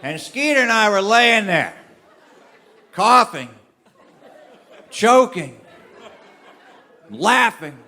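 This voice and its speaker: A male storyteller telling a funny tall tale to a live audience, animated with comic timing and laughing along. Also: high voice. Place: live stage performance.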